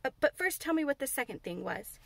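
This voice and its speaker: A woman's voice: high voice, very animated, a little fast, vocal fry, fairly bright tone, dry recording, exaggerated voice. A woman voicing a spoiled, sickly boy who speaks grandly and gives orders. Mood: curious. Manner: grand, demanding, peremptory.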